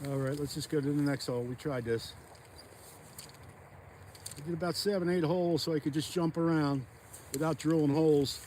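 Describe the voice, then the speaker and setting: A man vlogging as he ice fishes outdoors on a frozen pond, rambling and thinking out loud into a phone camera. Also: on the high side, fairly even intonation, moderate pace, long pauses, noisy background. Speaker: fishing vlogger. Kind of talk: casual narration while ice fishing.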